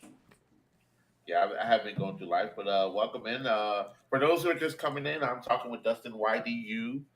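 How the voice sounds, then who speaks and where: A man's voice: medium pitch, a little fast. A man co-hosting a casual live stream, asking questions hesitantly with many restarts. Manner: hesitant, full of fillers and restarts.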